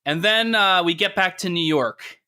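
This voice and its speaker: A man's voice: sits high, moderate pace, pushed and bright, smooth. A man co-hosting a podcast, chatting casually and animatedly, laughing often and acting out quotes. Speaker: podcast co-host. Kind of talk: casual chat.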